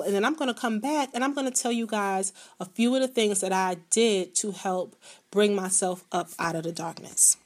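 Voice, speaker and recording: A middle-aged woman hosting her own podcast, talking candidly and chattily, addressing her listeners directly. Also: mid-range voice. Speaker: podcast host. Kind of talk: casual personal podcast monologue.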